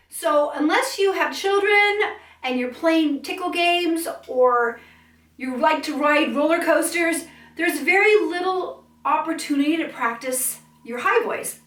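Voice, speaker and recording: A woman's voice: high-pitched, expressive, measured pace, a bit bright, reverberant, distant mic. A woman vocal coach teaching a singing lesson, breaking into siren sounds and sung notes to demonstrate.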